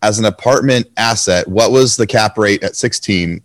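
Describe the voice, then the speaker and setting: A man hosting an interview podcast, slightly hoarse, asking enthusiastic, rapid questions. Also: lowish voice, no room sound. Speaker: podcast host. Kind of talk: conversational interview.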